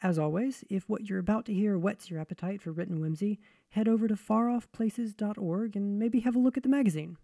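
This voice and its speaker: A woman's voice: mid-range voice, brisk, few pauses, dark tone, dry recording. A woman hosting a story podcast, introducing the episode in a friendly, reassuring way. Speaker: podcast host. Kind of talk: casual show introduction.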